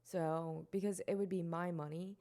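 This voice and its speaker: A rambling woman in her twenties talks through a solo podcast episode on her own. Her voice sits on the low side, and she swears and laughs at herself as she goes. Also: fairly even intonation, moderate pace, mellow. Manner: rambling, self-mocking, swears, laughs often. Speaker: podcast host.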